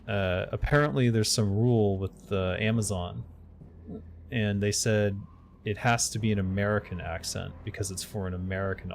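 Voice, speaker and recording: Gravelly and somewhat low, this man's voice belongs to a middle-aged game streamer who also does voice-over narration. During a casual live stream he mumbles to himself while playing, then talks freely with the people watching.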